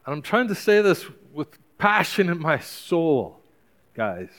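High-voiced impassioned male pastor. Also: big pitch swings, takes it slowly, a bit bright. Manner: passionate, urgent preaching with repeated exhortations. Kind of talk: sermon.

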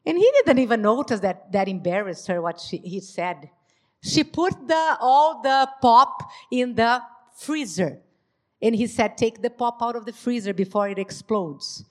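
A woman whose first language is Portuguese, giving a church talk on marriage and acting out dialogue with lively emphasis. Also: a little high, a little slow. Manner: animated, acts out quoted dialogue. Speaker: marriage ministry speaker.

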